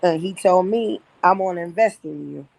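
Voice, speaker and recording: A woman in her fifties giving an earnest, halting personal testimony to her church. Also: fairly low pitch, creaky, darkish tone. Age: 50s. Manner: earnest, halting, with frequent pauses. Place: livestreamed church gathering.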